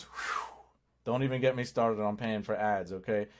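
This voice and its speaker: A man hosting a live stream, greeting viewers by name and pitching to them in a hyped, direct way, with sudden drops into low asides. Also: normal speed. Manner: energetic, talks straight to viewers, greets chat by name; swings between loud hype and low asides. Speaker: livestream host.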